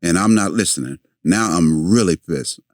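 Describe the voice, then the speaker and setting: An older man, a podcast guest, telling a long story in a halting way with many fillers and restarts. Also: sits low, lively intonation, no room sound, clean studio sound.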